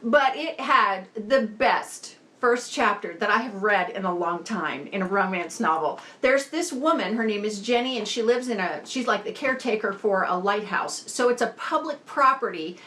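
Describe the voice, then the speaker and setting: A woman's voice: medium pitch, expressive, normal speed, few pauses, bright, forceful tone. A woman, tired and talking around a new retainer, chatting animatedly about books as a video host and laughing often. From Indiana. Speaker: BookTube host. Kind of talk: casual book chat.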